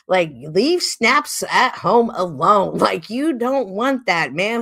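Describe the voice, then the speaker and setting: A woman's voice: fairly high pitch, very animated, takes it slowly, hardly any pauses, fairly bright tone, dry recording, studio quality. A woman hosting a livestream, scolding and mocking someone with profane, sarcastic commentary. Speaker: livestream host.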